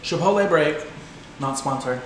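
A man's voice: moderate pace, heavy reverb, loud music behind the voice, rough recording. A man giving a casual, self-mocking commentary on a video game he is playing. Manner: playful, self-mocking, sudden high-pitched squeals.

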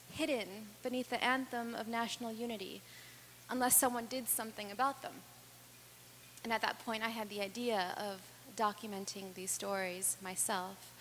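A woman with a fairly high voice tells personal stories from a stage, earnest and deliberate, pausing for effect. Her words ring out with a long hall reverb, and a faint hum sits underneath. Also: fairly bright tone. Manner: earnest, dramatic pauses and rising intensity. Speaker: speaker. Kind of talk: personal storytelling speech.

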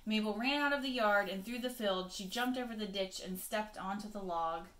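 A woman teacher reading a picture book aloud to children, expressive, with chatty asides to her pupils. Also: mid-range voice, normal speed, reverberant.

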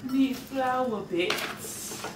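A woman chatting casually to camera in her home kitchen, slangy and thinking out loud, now and then slipping into a put-on British accent. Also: high voice, slow, very noisy. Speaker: vlogger. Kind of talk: casual vlog chat.

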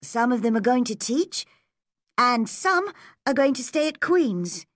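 A woman reading a storybook and voicing an eager, excitable teenage girl, her voice jumping high. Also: unhurried, dry recording, studio quality. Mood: earnest.

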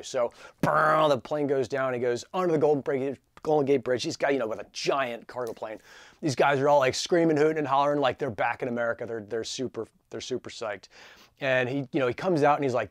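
A man in his forties telling a story in a casual, energetic, chatty way, full of fillers like "like" and "dude". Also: medium pitch, fairly quick, dry recording, studio quality. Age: 40s. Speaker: channel host.

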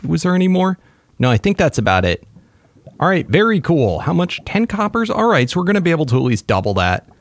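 A man hosting a casual let's-play, commenting excitedly to himself as he plays. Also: fairly high pitch, vocal fry, no echo. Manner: excitable, talks to himself while playing. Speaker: gaming channel host.

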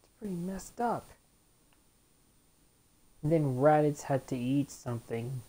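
A woman hosting a let's play, chatting loosely as she plays and retelling old scenes. Her voice is very low, mellow and dark. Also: lively intonation, measured pace. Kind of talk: casual gameplay commentary.

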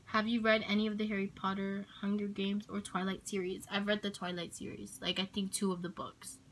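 A woman's voice: mid-range voice, little pitch movement, fairly quick, fairly bright tone, a little hiss or hum, poor audio. A woman vlogger answering tag questions in a rambling, hesitant way, full of ums and likes. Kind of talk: casual Q&A tag video.

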